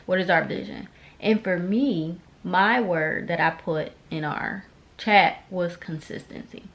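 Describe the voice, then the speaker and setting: A chatty woman vlogger with a somewhat low voice talks casually to camera. She keeps checking in with her viewers as she goes, in an easy conversational way. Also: a bit bright. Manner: chatty, speaks straight to viewers with frequent "okay?" and "y'all". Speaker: esthetician and beauty vlogger.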